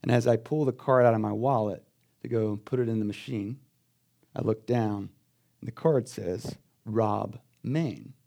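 Delivering a sermon, this pastor tells stories in a chatty style, dropping to quiet asides before rising into loud, emphatic outbursts. His voice is lowish and creaky, with a moderate pace.

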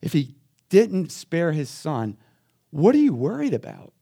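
A man preaching a sermon as pastor, telling stories in a conversational way and swinging between quiet asides and loud, emphatic bursts. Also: fairly high pitch, wildly swooping pitch, unhurried, vocal fry, husky.

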